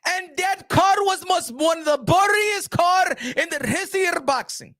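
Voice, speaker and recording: A man doing a shouting rich promoter. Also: extremely high pitch, moderate pace, pitched above the performer's own voice. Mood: exasperated. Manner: shouty, profane, exasperated. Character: boastful rich male boxing promoter, exasperated.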